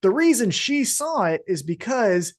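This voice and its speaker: A man's voice: sits high, very animated, measured pace. A man co-hosting a wrestling podcast, recapping matches in casual talk and giving blunt opinions with some swearing. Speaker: podcast co-host.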